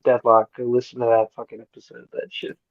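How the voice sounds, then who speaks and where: A man's voice: medium pitch, completely flat delivery, brisk, no room sound, lo-fi sound. A man co-hosting a podcast who jumps in with jokes and swearing during casual banter. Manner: joking, interjecting, swearing. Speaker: podcast co-host.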